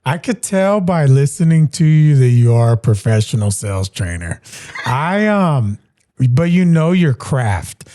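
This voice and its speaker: Relaxed man hosting an interview, dark dry voice. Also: on the high side, measured pace, no room sound. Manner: relaxed, agreeable, backs the guest with short replies. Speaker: podcast host. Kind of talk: casual interview chat.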